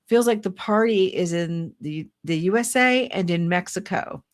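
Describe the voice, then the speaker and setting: A woman's voice: lowish voice, normal speed. An older woman speaking as a psychic reader on a casual livestream, rambling and exasperated, with restarts and little laughs.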